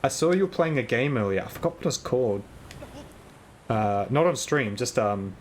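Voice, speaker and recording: A man chatting on a live game stream, rambling aloud and getting excitable. His voice sits at an ordinary middle pitch. A faint hiss of background noise runs under the talk. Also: moderate pace. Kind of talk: casual live gameplay chat with viewers.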